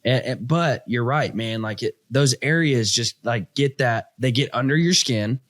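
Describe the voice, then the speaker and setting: A man in his thirties hosting a casual chat, telling hunting stories with lively, slangy energy. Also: mid-range voice, a little slow, no room sound, clean studio sound. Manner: animated storyteller, says "dude" and "stinking". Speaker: podcast host.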